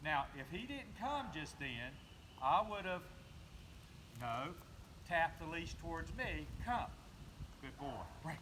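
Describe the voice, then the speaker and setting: A man's voice: on the high side, takes it slowly, long pauses. Southern man teaching dog training outdoors. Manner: calm, explains while giving short commands. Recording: noisy outdoor recording.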